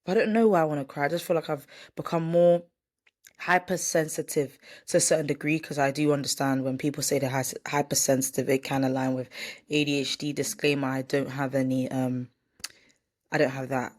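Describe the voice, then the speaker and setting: A woman's voice: rumbling low, steady tone, fairly quick, darkish tone. A woman talking candidly to camera in a casual vlog, rambling and correcting herself, sometimes reading from a script. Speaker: vlogger. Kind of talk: casual vlog chat, partly read from a script.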